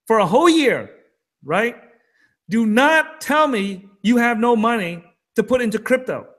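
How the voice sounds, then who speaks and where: A man's voice: very high voice, lively intonation, unhurried, fairly bright tone. A man co-hosting a trading talk show, talking in an emphatic, fired-up rant. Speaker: co-host of a crypto trading show. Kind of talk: casual chat.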